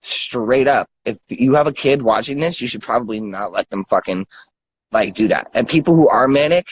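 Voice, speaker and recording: Husky angry man ranting. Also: mid-range voice, moderate pace, dry recording, poor audio. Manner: angry, profane, stammering repeats. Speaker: guest. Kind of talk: angry rant.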